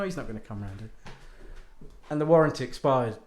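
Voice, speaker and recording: A man hosts his own show, rambling casually in an animated, self-mocking way and swearing freely. His voice sits fairly high for a man. The recording has a roomy echo. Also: normal speed, a little hiss or hum. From United Kingdom. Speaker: podcast host and author. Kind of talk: casual ranting monologue. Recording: echoey room.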